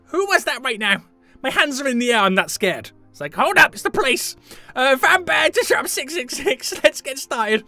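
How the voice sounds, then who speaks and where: A young man hosts a live game stream with hyped, joking energy. His pitch swings widely from phrase to phrase, and his tone is bright and forceful. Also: moderate pace, faint music behind. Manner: hyped, jokey, animated, greets chat members.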